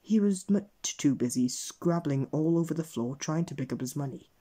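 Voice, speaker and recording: Guy reading a bedtime story, mellow husky voice, gentle and expressive. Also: on the high side, normal speed.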